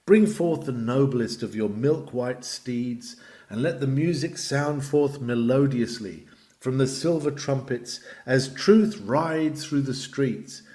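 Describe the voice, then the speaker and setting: A man reading aloud a Victorian lecture on preaching, with expressive emphasis that swells and drops. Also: medium pitch, slow. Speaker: reader.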